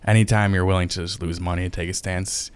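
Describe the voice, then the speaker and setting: A man's voice: low-pitched, little pitch movement, fast, clear, resonant tone. A man co-hosting a podcast in laid-back, blunt casual chat. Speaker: podcast co-host.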